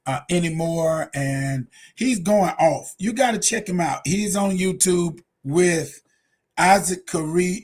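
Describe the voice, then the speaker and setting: Fiery husky-voiced preacher man. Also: a little high. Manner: fiery, preacherly, laughs often, repeats lines for emphasis. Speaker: ministry livestream host. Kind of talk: impassioned livestream commentary.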